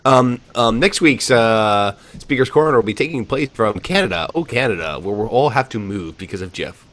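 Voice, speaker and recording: A man's voice: mid-range voice, lively intonation, moderate pace, fairly bright tone, a little hiss or hum. A man co-hosting a casual live chat show, dry and a little hesitant. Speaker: co-host.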